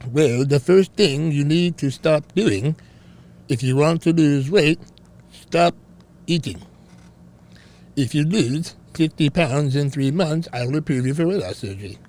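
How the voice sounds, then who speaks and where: A blunt older surgeon hands out stern advice in a slow, flat lecture, as a man mimics him. The delivery is unhurried and dry. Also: on the high side, lightly acted. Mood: lecturing.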